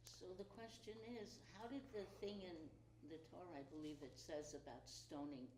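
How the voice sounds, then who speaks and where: A woman attending a class, asking the teacher hesitant, halting questions. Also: lowish voice, lively intonation, background noise. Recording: distant and echoey, heard from across the room.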